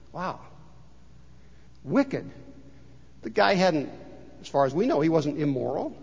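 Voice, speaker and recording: An older man preaching a sermon as a pastor, swinging between loud emphasis and hushed asides. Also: on the high side, very animated, measured pace, creaky, long pauses, husky. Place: church sanctuary. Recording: dull reverberant church recording.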